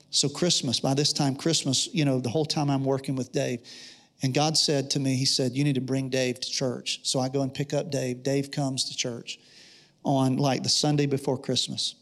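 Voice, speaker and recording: A man's voice: medium pitch, level tone, moderate pace, a bit bright. A man preaching a sermon, telling a personal story in an earnest way and acting out the dialogue. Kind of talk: sermon testimony.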